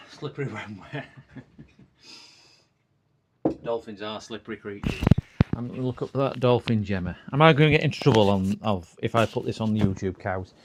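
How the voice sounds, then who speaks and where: A man's voice: fairly low pitch, normal speed, pauses often, very noisy. A man chatting casually on a live repair stream, rambling and laughing at his own puns.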